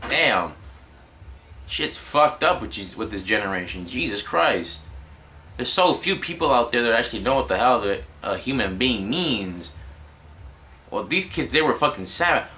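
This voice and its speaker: A young man rants into the camera, exasperated and cursing at every turn. His voice is bright and forceful, and his pitch swings all over the place as he rambles. The talk is loose and unscripted. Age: young adult. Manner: exasperated, swears constantly, rambling. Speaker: vlogger. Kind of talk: profane ranting commentary.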